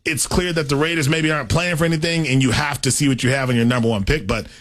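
A man's voice: medium pitch, fast talker, a bit bright. A man co-hosting a sports talk show, giving opinionated takes and thinking aloud.

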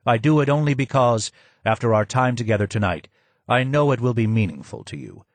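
A man's voice: medium pitch, expressive, brisk, no room sound, lightly acted. A man doing a gracious, courteous male guide. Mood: earnest. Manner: polite, earnest, gracious.

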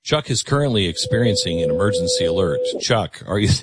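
A man's voice: deep voice, lively intonation, brisk, noisy background. A man hosting a call-in radio show, taking callers in an earnest, reflective way with frequent stammered restarts. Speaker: radio talk show host.

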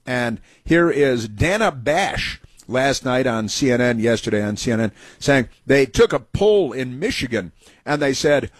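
A man's voice: medium pitch, lively intonation, normal speed, dry recording. A man hosting a talk show, delivering a sarcastic, indignant monologue with mocking asides. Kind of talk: opinionated talk radio monologue.

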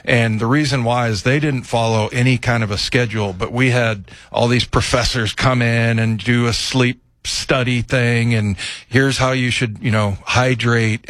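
A man's voice: medium pitch, fairly bright tone, no echo. Rambling man talking football on air. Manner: rambling, many fillers and restarts. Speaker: sports radio co-host. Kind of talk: casual sports talk.

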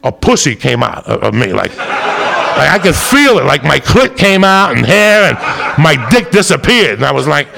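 A man doing profane stand-up storytelling on a club stage, loud and shouting his punchlines. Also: on the high side, sing-song, normal speed, vocal fry, background noise. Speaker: stand-up comedian.

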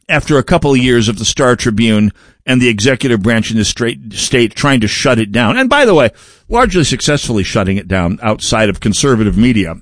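A man's voice: mid-range voice, no echo. A man hosting a political talk radio show, delivering a sardonic, digressive monologue into a close studio mic.

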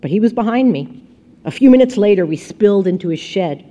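Soft-spoken woman reading a novel aloud. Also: medium pitch, expressive, a little fast. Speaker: audiobook narrator. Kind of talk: scripted first-person narration.

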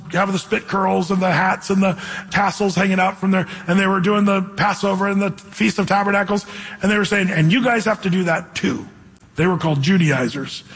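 A man preaching a sermon in church, animated, acting out the voices he quotes. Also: sits high, breathy edge, big-room sound. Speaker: pastor.

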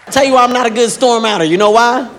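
A man's voice: very high voice, very fast, fairly bright tone, slight background noise. A man doing stand-up comedy, brash and profane, acting out scenes. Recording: reverberant venue with crowd.

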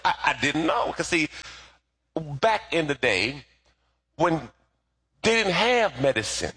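A middle-aged man preaching a sermon, animated and calling on the congregation to repeat after him. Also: on the high side, slow, pauses often, husky. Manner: lively, animated preaching with call-and-response. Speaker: pastor.

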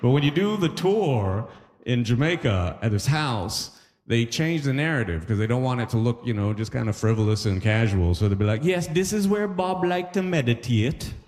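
A man doing a stand-up comedy set, telling jokey stories with quick asides to the crowd. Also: mid-range voice, expressive, a little mellow, a little hiss or hum. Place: live comedy stage in a hall. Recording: live stage recording with long hall reverb.

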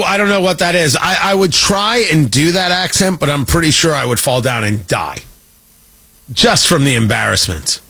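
Male talk-radio host, bright and lively, slightly husky, mocking and opinionated. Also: high-pitched. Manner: sarcastic and mocking, with frequent restarts. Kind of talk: opinionated talk show monologue.

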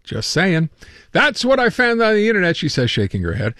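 A man hosting a radio show in casual chat, quick and full of fillers. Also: high-pitched, huge pitch swings, a bit bright, no room sound, clean studio sound. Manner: quick, chatty, with many fillers. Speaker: radio host.

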